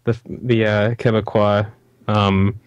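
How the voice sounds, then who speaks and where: A man's voice: on the low side, level tone, takes it slowly, lo-fi sound, a little hiss or hum. A man joining a stream as a guest, chatting casually and joking about himself. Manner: joking, self-deprecating. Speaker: guest co-commentator. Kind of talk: casual chat.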